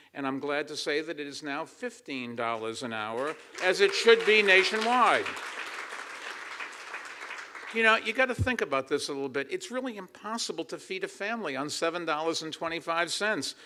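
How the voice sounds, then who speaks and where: A man's voice: a little high, bright, forceful tone. An older man giving an emphatic campaign speech to a crowd of supporters, answering his own rhetorical questions. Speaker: political candidate. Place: assembly hall.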